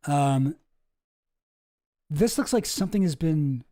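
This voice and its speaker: Male host with a high voice, casual and musing, reading through papers and thinking out loud. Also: lively intonation, takes it slowly. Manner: musing, hesitant, thinking aloud. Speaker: online show host. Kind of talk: casual commentary while reading documents.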